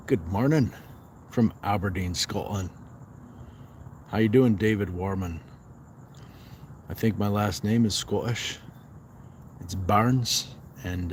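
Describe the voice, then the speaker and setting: Low-voiced man reading his stream chat. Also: darkish tone, slight background noise. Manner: chatty, reads viewer comments aloud and answers them. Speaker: fitness livestream host. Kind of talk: casual livestream chat, reading comments aloud. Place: outdoors at night, resting during a walk.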